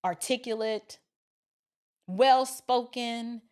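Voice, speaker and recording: A middle-aged woman hosting a reaction video, telling stories in a casual, animated, colloquial way. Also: on the high side, drawn-out words, clean tone. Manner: animated, colloquial, acts out quotes. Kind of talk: casual commentary and storytelling.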